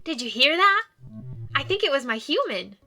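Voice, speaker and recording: Woman doing a high, eager ghost dog. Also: normal speed, soft background music, full character voice. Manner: bouncy, excitable and earnest. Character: cheerful male ghost dog, eager and sweet. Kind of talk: reading game dialogue aloud.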